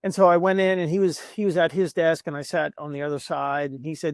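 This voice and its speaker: A man's voice: fairly high pitch, flat delivery, fast talker, hardly any pauses, no echo, studio quality. A man as a podcast guest on a video call, telling a personal story in an earnest, emotional way, often repeating words as he builds up.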